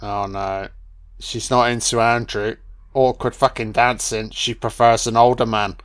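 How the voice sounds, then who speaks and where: A man giving a casual film commentary, excitable and heavily profane, full of slang and calling listeners man, son and baby. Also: medium pitch, unhurried, clean tone.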